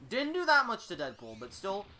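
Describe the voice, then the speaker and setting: A man's voice: high voice, wildly swooping pitch, normal speed, crowd noise. A man hosting and casually commentating fights, swearing freely and filling his sentences with "like" and "uh". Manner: casual and profane, with filler words. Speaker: host and commentator. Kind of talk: casual game commentary and story reading.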